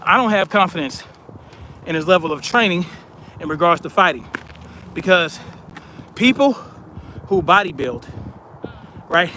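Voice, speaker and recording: A man's voice: high voice, expressive, sharp tone, slight background noise. A man hosting a live stream, chatting casually and reading out viewer comments in a blunt, conversational way. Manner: blunt, conversational, drawn-out emphasis.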